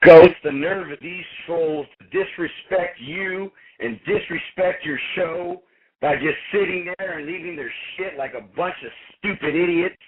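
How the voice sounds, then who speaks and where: A man phones in to a talk show, his voice slightly high, indignant and rambling as he goes on. He comes through a thin, tinny phone line. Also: a little slow. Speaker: caller. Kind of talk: call-in radio talk.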